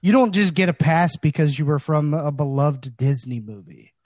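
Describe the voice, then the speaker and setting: A man's voice: a little high, normal speed, a little mellow, no echo. A man co-hosting a podcast in casual comedic chat, mock-serious and joking. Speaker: podcast co-host.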